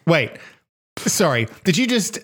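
A man co-hosting a podcast in casual chat, teasing the others and tossing in quick remarks. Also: on the high side, sing-song, a bit bright, slightly rough. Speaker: podcast co-host.

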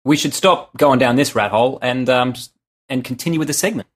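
A man co-hosting a podcast in casual chat, throwing in quick deadpan quips. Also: medium pitch. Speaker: podcast co-host.

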